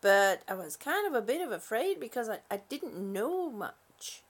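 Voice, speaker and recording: A woman's voice: a little high, big pitch swings, normal speed. A worn-out, sleepy woman hosting a casual live stream, reading out viewer comments in a rambling, giggly way. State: exhausted, sleepy.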